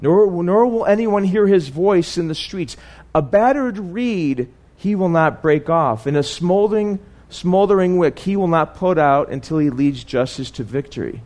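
A man preaching a conversational sermon. He often repeats words and asks "right?", and drops his voice low and soft on key points. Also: expressive, a little slow.

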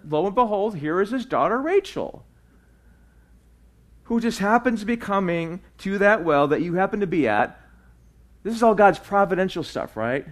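A man preaching a verse-by-verse sermon in a conversational way, with frequent fillers and restarts and repeated "right?" checks. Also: a little high. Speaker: pastor. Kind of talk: sermon teaching through scripture.

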